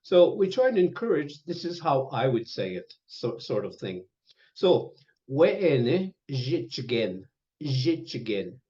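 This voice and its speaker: An older man teaching an online language lesson, speaking slowly and patiently and repeating each word several times over a video call. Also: fairly high pitch, wildly swooping pitch, warm tone. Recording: dull lo-fi webinar audio.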